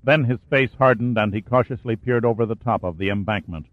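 A man reading a war thriller aloud as an audiobook narrator, in steady storytelling. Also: medium pitch, fairly quick, dry recording. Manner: steady storytelling, lifts and raises his voice for shouted dialogue. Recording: dry, tinny phone-like sound.

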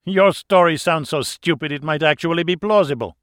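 A man's voice: on the high side, a little fast, fairly bright tone, no room sound, studio quality, voice pushed up, lightly acted. Sneering French gangster boss, as a man puts him on. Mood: contemptuous. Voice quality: sneering, mocking. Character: cold, contemptuous French criminal boss man.

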